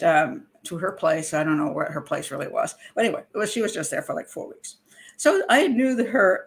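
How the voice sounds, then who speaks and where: A woman who profiles criminals and hosts a show, telling a story in a casual, chatty way with frequent laughter. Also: on the low side. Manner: chatty, laughs often, acts out quotes.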